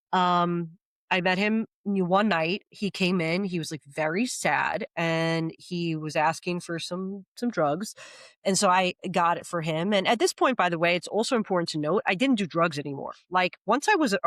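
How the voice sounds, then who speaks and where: A woman guest on a podcast telling her life story candidly, animated, acting out what people said and swearing freely. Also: lowish voice, no echo.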